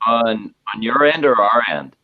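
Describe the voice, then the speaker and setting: A man chatting casually on a livestream in a halting, effusive way. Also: medium pitch, very animated. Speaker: livestream guest. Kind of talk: casual chat. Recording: muffled lo-fi stream audio.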